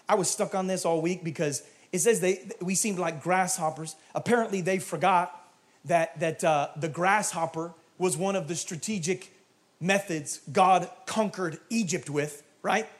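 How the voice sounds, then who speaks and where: Man, pastor, high-pitched voice, animated sermon, acts out dialogue, shouted climaxes.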